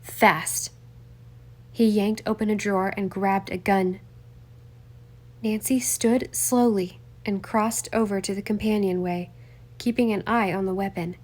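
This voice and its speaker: A woman reading a novel aloud as narrator, in an even, measured storytelling manner. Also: medium pitch. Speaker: audiobook narrator. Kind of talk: scripted narration.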